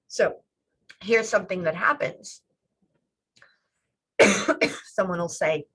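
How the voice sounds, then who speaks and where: A woman's voice: fairly low pitch, slow pace, pauses often, husky, rough recording. A woman life coach, a podcast guest speaking over a video call, explaining her ideas with metaphors. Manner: explains with metaphors, acts out quoted voices.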